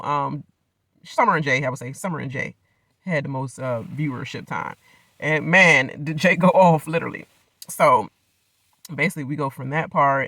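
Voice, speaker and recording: A man's voice: mid-range voice, bright, forceful tone, no echo. A man giving a loose, rambling recap of a reality show in casual slang, laughing often.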